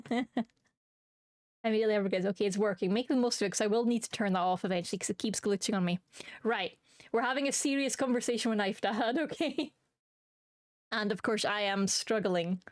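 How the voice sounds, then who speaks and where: A woman's voice: mid-range voice, brisk, long pauses, dry recording, clean studio sound. A woman streamer chatting casually and playfully with her viewers, joking and laughing often. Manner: playful, giggly, silly. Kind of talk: casual live-stream chat.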